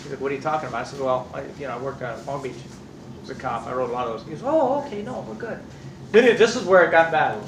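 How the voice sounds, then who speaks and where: A middle-aged man from California, an instructor who tells lively stories in class, acting out voices and swearing casually. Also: mid-range voice, racing, noisy background. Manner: animated storyteller, acts out voices, swears casually. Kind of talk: anecdotes in a class. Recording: echoey room, distant mic.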